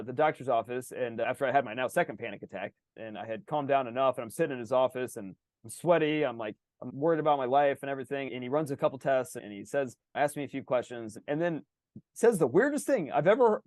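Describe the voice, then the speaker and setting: A man in his thirties hosting a podcast, telling a personal story in casual, animated chat, swearing and acting out the dialogue. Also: mid-range voice, fast, no echo, clean studio sound. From Indianapolis. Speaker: podcast host.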